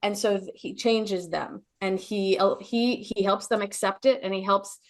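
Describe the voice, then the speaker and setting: A middle-aged woman speaks as a guest, telling a deeply personal story. Her voice sits at a middle pitch, and her delivery is earnest and emotional, full of restarts and little fillers like "you know" as she searches for words. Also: fairly even intonation, measured pace.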